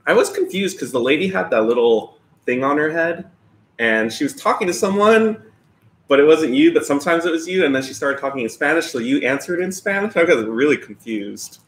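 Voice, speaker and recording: A man's voice: fairly high pitch, animated, brisk. A man co-hosting a live eating stream, chatting casually and teasing his partner while greeting viewers by name indoors. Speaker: mukbang live-stream co-host. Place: indoors, lights dimmed behind.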